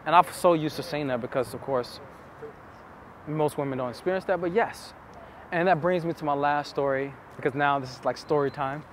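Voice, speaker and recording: A man's voice: fairly high pitch, normal speed, slight background noise. A man coaching on dating, telling stories to camera in an earnest, intimate way, repeating phrases for emphasis. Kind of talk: casual storytelling to camera.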